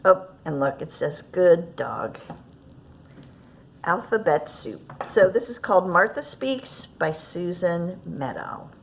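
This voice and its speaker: A woman children's librarian reading picture books aloud at story time in a gentle, expressive way. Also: fairly low pitch, measured pace, hardly any pauses, a little hiss or hum.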